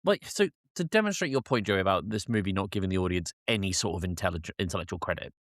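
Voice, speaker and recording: A man's voice: sits low, expressive, fast talker, a bit bright, no room sound, studio quality. A man co-hosting a podcast, chatting and joking as he retells film scenes. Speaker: podcast co-host. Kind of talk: casual film review chat.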